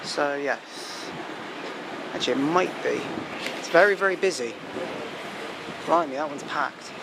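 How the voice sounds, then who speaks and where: A man giving casual, excitable commentary on trains at a busy station, with chatty self-deprecating asides. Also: a little high, measured pace, gravelly. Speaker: trainspotting vlogger. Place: busy railway station platform. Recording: loud station noise from trains.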